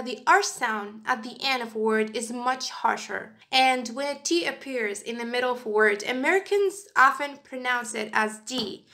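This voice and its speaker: Gravelly-voiced woman teaching pronunciation. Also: fairly high pitch, fairly bright tone. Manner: clear, emphatic, demonstrates word stress slowly. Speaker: English teacher. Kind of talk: scripted lesson narration.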